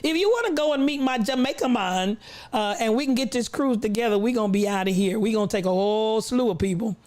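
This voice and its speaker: A woman's voice: fairly high pitch, quick pace, a little mellow. Playful woman streamer, preacher-like cadence. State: recovering voice, coughing. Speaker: livestream host. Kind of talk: casual livestream chat reading comments.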